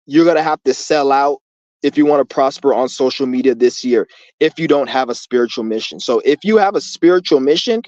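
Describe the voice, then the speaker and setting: A man's voice: mid-range voice, a little fast, darkish tone, no room sound, dull audio. Profane young man rambling outdoors. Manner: profane, loose, streetwise talk with many restarts. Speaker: streamer hosting a Q&A. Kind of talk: rambling livestream monologue. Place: outdoors in the rain.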